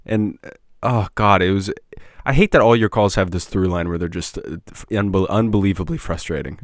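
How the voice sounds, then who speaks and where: Male podcast host, low voice, exasperated and profane, dry room. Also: moderate pace, no room sound. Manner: exasperated, swears a lot. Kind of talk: casual podcast chat.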